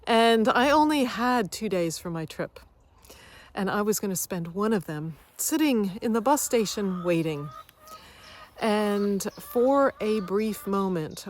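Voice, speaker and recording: Woman, wellness coach, personal story, reflective, medium pitch. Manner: reflective, lively when acting out moments. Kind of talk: personal story told to camera.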